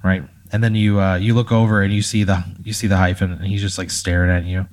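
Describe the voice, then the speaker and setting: Host type, low male voice, casual comic storyteller who voices the characters himself. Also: little pitch movement, fast talker, darkish tone. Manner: spins a story in second person, acting out other characters' lines. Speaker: podcast host telling a hypothetical.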